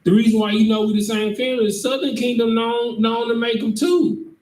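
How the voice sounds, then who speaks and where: A man's voice: very high voice, fairly even intonation, brisk, darkish tone. A man leading a scripture lesson in an emphatic way, who keeps checking that his listeners understand. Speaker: teacher leading a scripture class. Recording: echoey room, mic far off, faint noise.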